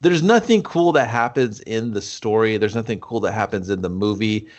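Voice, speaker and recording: A man's voice: fairly low pitch, lively intonation, normal speed, lo-fi sound. A man co-hosting a casual movie review podcast, chiming in with dry, wry jokes. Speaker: podcast co-host.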